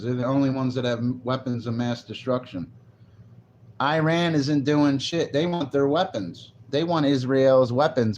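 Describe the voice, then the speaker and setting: A man's voice: medium pitch, a little mellow, a little hiss or hum. Rambling male livestreamer, lo-fi sound. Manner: rambling, loose, restarts and reads chat aloud. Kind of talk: casual live-stream chat with viewers.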